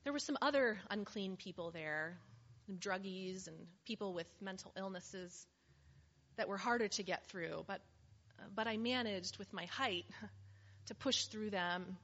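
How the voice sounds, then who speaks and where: A woman's voice: mid-range voice, measured pace, a bit bright. A woman performing a first-person dramatic monologue as a weary woman made whole after years of suffering, telling her story earnestly. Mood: heartfelt. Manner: earnest, heartfelt testimony. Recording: slightly muffled with faint hiss.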